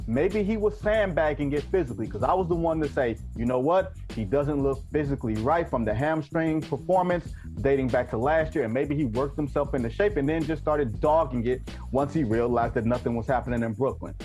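A man's voice: medium pitch, brisk, hardly any pauses, darkish tone. A man giving brash, emphatic basketball opinions as a guest on a sports talk show, with faint music behind. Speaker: guest analyst.

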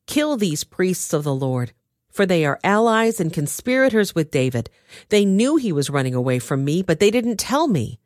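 A woman voicing a furious, suspicious king who shouts accusations at his officers, in a dramatized reading. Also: fairly low pitch, big pitch swings, normal speed, no room sound, clean studio sound. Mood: enraged.

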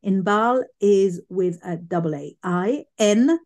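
A woman speaking as a psychic medium guest in a casual interview, chatty and animated, often restarting her sentences. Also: mid-range voice, slow pace. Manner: chatty, animated, self-correcting.

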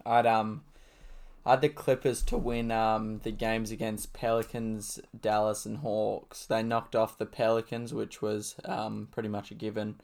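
A man's voice: on the low side, little pitch movement, measured pace, gravelly, darkish tone. A man with an Australian accent co-hosting a sports podcast, blunt and swearing mildly as he talks. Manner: blunt, says "bloody" a lot. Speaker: podcast co-host. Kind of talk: casual sports podcast chat.

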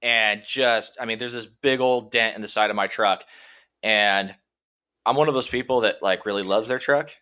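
This guest's fairly low, clear and resonant voice moves at a moderate pace as he recounts a lengthy personal story. Hailing from Washington state, he talks casually and animatedly, with plenty of "you know" and "like."

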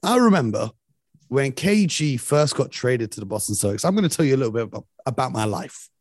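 A young man in his late twenties co-hosting a casual sports podcast, eager and animated. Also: mid-range voice, fairly quick, no room sound, clean studio sound. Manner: enthusiastic, animated, leads the conversation. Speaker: podcast co-host.

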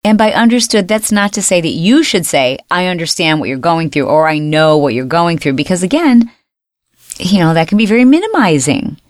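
A woman's voice: fairly low pitch, expressive, a little fast, darkish tone, no room sound, clean studio sound. A woman hosting a self-help podcast, coaching listeners and repeating example phrases aloud. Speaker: podcast host.

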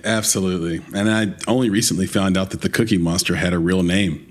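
A man's voice: deep voice, steady tone, quick pace. A man hosting a podcast, asking questions in a casual, chatty way and stumbling over his words now and then. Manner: chatty, laughs easily, stumbling restarts. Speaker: podcast host. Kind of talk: casual interview.

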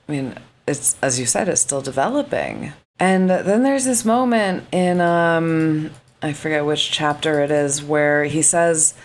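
A woman, a guest scholar, casually discussing a novel and acting out its lines in lively, shifting voices. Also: low voice, a little hiss or hum. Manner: animated, acts out quotes in shifting voices.

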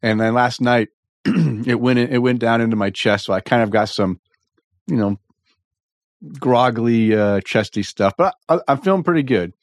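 A man's voice: mid-range voice, normal speed, dry recording, clean studio sound. Congested man hosting a chatty podcast. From US Pacific Northwest. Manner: relaxed, chatty, with restarts and throat clearing. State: congested with a slight frog in the throat. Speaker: podcast host. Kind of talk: casual chat.

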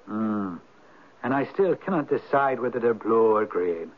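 An actor playing a polite, skeptical young police sergeant with a dry, courteous way of asking questions, in a 1970s radio drama. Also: male voice, fairly low pitch, animated, a little slow. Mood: curious. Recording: tinny lo-fi old radio broadcast.

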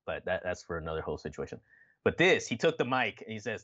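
A man's voice: deep voice, fast talker. Male podcast co-host, loose wrestling chat, swears a lot, acts out quotes, slightly dull lo-fi sound. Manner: animated, swears often, acts out quotes with laughter.

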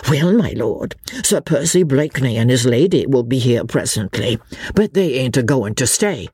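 A woman voicing a deferential old male innkeeper who speaks slowly in a folksy, rustic way. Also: very deep voice, lively intonation, mellow, husky, dry recording, clean studio sound, full character voice.

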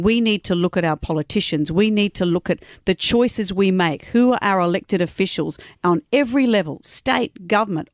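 A woman's voice: mid-range voice, no room sound, studio quality. A woman, a radio co-host speaking emphatically and forthrightly in casual chat.

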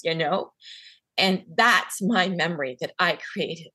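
Lowish bright-voiced woman hosting a chat, lots of "like" and "you know". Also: expressive, unhurried. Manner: gets emotional telling a memory. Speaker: podcast host. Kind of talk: casual conversational interview.

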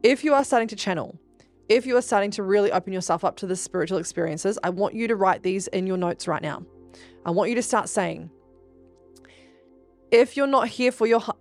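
A woman hosting a podcast, telling spiritual stories in a casual, animated way, swearing freely and speaking straight to her listeners. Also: medium pitch, brisk, faint music behind. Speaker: podcast host.

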